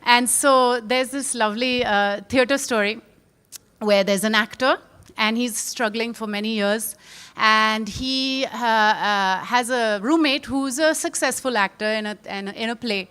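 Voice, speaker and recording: A woman speaking as a panel guest, telling a story in a lively, animated way. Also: on the high side, unhurried, smooth.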